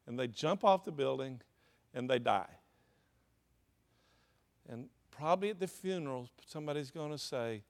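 A man's voice: medium pitch, slow pace, creaky, pauses often. A man preaching a sermon, tossing questions to the congregation and answering them. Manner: call-and-response preaching, asks the congregation questions. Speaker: pastor.

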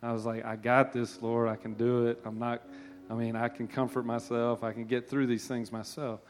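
A man's voice: medium pitch, level tone, normal speed. A man giving a rambling, heartfelt testimony that flows into prayer at church. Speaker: church speaker. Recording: soft guitar playing behind.

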